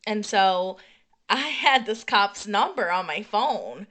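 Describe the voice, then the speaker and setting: A woman's voice: mid-range voice, expressive, takes it slowly, a bit bright. A young woman co-hosting a podcast in a casual chat, rambling through anecdotes full of fillers. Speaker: podcast co-host.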